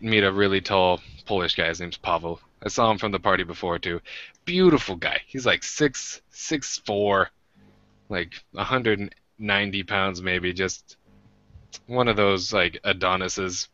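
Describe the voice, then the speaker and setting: A man's voice: low voice, bright, forceful tone, no room sound, lo-fi sound. An American man co-hosting a podcast, telling rambling, self-deprecating stories in casual chat with many restarts. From United States. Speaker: podcast co-host.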